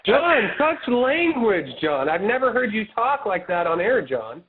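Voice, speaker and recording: A man's voice: high voice, sing-song, normal speed. A man playing along as a male broadcast booth partner, teasing and mock-scolding his co-commentator. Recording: tinny phone-like lo-fi audio.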